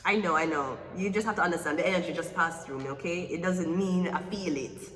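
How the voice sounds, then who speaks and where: A woman's voice: fairly low pitch, brisk, a crowd in the background. A woman giving a blunt, emotional tarot reading and swearing freely. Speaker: tarot reader. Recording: echoey room with long reverb, faint music.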